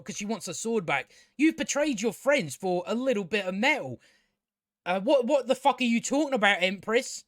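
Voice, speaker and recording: Male TV reviewer, high-pitched, dry recording, profane and sarcastic, stumbles over his words. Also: a bit bright, no echo. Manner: stammering, frequent restarts. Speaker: TV show reviewer. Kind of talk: casual solo review rant.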